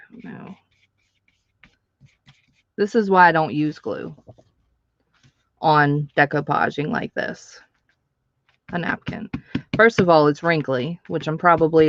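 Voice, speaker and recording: A woman's voice: low-pitched, lo-fi sound. A woman hosting a live stream, chatting casually with viewers while she crafts, laughing often.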